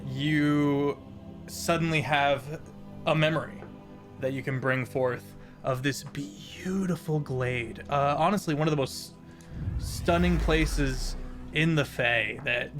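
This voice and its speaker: A man's voice: mid-range voice, steady tone, slow pace, music in the background. A man narrating a tabletop game as game master, describing scenes with many fillers.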